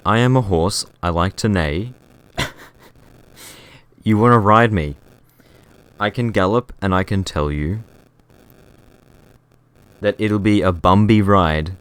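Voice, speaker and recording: A man's voice: low-pitched, takes it slowly, long pauses, a bit bright, clean tone, no room sound. A man voicing a flirty male horse in a joking whispered role-play. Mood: teasing. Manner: playful mock-seductive put-on voice. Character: flirty male horse bragging about galloping.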